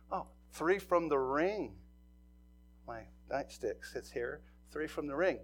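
A middle-aged man preaches to his church, his voice sitting a little on the high side. He tells stories, rising into loud bursts and then dropping to a hushed near-whisper. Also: animated, slow pace, faint music behind. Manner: storytelling, swings from loud to hushed. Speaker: pastor. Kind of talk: sermon.

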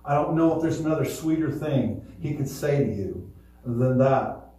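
A man's voice: medium pitch, lively intonation, moderate pace, warm tone, recorded from a distance, soft background music. Man preaching in an echoey hall. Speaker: pastor. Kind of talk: sermon.

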